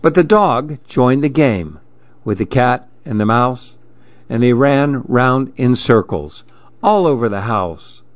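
A man reads a rhyming storybook aloud, expressive and rhythmic. His pitch rises and falls in a lively way and he takes his time. The recording is dry and a little dull, lo-fi. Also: slow pace, no room sound.

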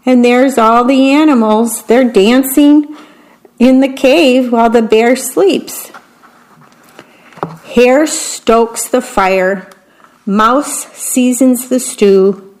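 Slow, gentle woman reading picture books. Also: fairly high pitch, fairly even intonation, rough recording. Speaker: storybook reader.

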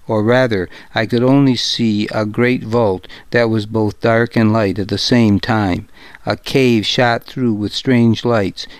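A man narrating an audiobook in the first person, with a measured and wry delivery. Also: lowish voice, clear, resonant tone, no room sound.

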